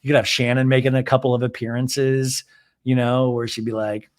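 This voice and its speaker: A man's voice: animated, normal speed. A man hosting a casual recap podcast, talking in a chatty, rambling way and thinking aloud. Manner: mimics cast members in high mocking voices. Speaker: podcast host.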